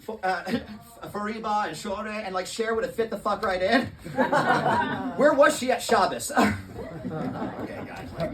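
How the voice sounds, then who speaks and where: A man's voice: high-pitched, recorded from a distance. A young man performing a stand-up comedy set, casual and stammering, often laughing at his own jokes. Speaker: opening stand-up comic. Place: comedy club stage.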